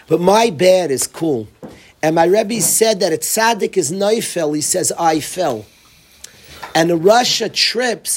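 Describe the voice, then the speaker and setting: A man's voice: on the high side, darkish tone, slightly rough. A man teaching an informal Torah class, repeating key phrases and mixing Hebrew terms with casual asides. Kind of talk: informal Torah lecture with stories.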